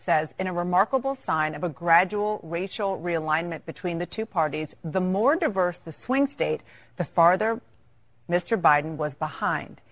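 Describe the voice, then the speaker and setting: A woman anchoring a news broadcast, reading a passage from a report aloud. Her voice sits somewhat low, and her delivery is steady and measured.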